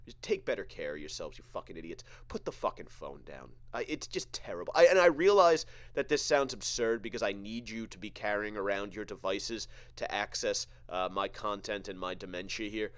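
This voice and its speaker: A man hosting a podcast, delivering a profane, sarcastic comedic rant full of halting restarts. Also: fairly low pitch, fairly bright tone, no room sound. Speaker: podcast host.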